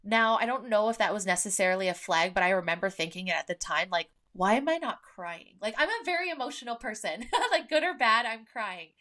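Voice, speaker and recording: A woman's voice: mid-range voice, animated, brisk, few pauses, bright, forceful tone. A woman in her thirties hosting a podcast in casual chat. She talks candidly and swears freely, with many fillers. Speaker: podcast host.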